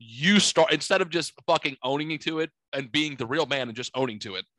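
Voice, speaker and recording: Bright-voiced man in his forties, profane. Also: on the high side, brisk, dry recording. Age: 40s. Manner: profane, animated storyteller acting out quotes. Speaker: podcast co-host. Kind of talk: casual storytelling chat.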